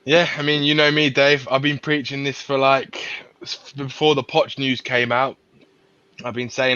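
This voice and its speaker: Bright rambling man on dry lo-fi audio. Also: medium pitch, little pitch movement, moderate pace, clear, resonant tone, no room sound. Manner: rambling, repeats words. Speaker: guest panelist. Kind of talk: casual live-stream chat. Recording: dry dull lo-fi stream audio.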